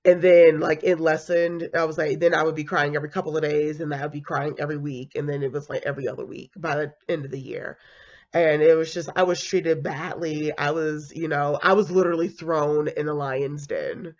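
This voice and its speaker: A woman's voice: deep voice, fairly even intonation, a little fast, a little mellow, lo-fi sound. A young woman, a kindergarten teacher, chatting animatedly about her career with lots of fillers and laughs. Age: young adult. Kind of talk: casual storytelling vlog.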